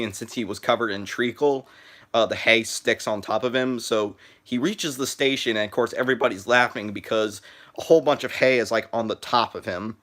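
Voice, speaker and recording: A teenage boy rambles through a live stream on his phone, his voice at an ordinary middle pitch. He stops and restarts sentences all the time and fills the gaps with "uh" and "like". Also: fairly bright tone. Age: teens. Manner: halting, full of "uh" and "like", restarts sentences.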